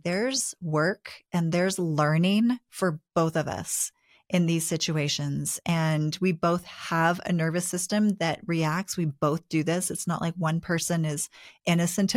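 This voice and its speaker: A woman co-hosting a relationship advice talk show, explaining in a calm, measured way. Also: on the low side, no room sound, studio quality. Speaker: co-host.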